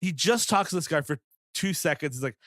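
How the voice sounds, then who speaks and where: A man's voice: on the high side, lively intonation, a little fast, a bit bright, no echo, studio quality. A man on a comedy podcast, recapping a film plot in a loose, rambling way full of fillers. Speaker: podcast panelist. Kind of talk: casual comedy chat.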